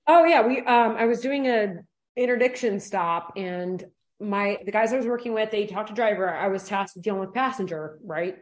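A woman police officer chatting on a podcast. She talks bluntly and swears freely in loose, animated banter. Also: mid-range voice, moderate pace. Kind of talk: casual banter.

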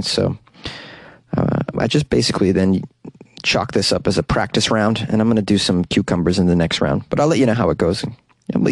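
A man hosts a casual show, reading out odd news stories and answering them with sarcastic jokes and offhand swearing. His voice sits on the low side, darkish and creaky with vocal fry. The recording is studio quality with no echo.

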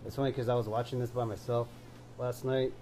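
A man's voice: medium pitch, flat delivery, fairly quick, warm tone, a little hiss or hum. A man co-hosting a podcast, chatting casually about a movie in a laid-back way and saying "dude" a lot. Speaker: podcast co-host. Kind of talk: casual movie review chat.

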